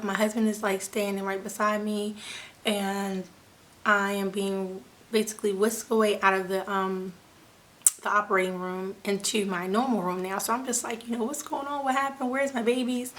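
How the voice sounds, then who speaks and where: A young woman vlogger telling a personal story to her viewers in an animated, chatty way, often saying "like" and "you guys.". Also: mid-range voice. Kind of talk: casual storytelling to camera.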